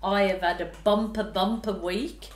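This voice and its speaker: A woman's voice: medium pitch, fairly even intonation. A woman painter from Australia, gushing with exclamations as she chats casually to her viewers while painting. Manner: gushing, exclamatory, drawn-out delight. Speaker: fluid art painter. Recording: echoey room.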